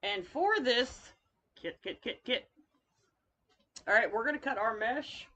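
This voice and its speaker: A woman's voice: on the high side, animated, measured pace, bright, forceful tone. A woman with a Kentucky accent, chatting folksily with viewers while demonstrating wreath making in a live craft tutorial.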